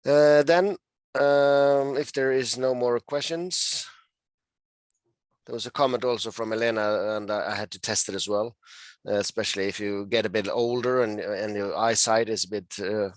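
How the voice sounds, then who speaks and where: A man with a somewhat low voice hosts an online meetup, chatting loosely and hesitating as he goes. The sound is dry, with no room in it. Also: fairly even intonation, normal speed, no echo. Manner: chatty, hesitant, laughs often. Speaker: meeting host. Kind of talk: casual chat. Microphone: video call.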